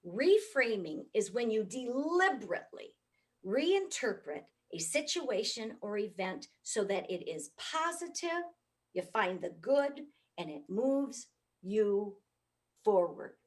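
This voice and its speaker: A middle-aged woman from the United States giving a comic, animated keynote talk. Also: mid-range voice, slow. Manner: animated, comic, swoops up for punchlines. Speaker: motivational speaker.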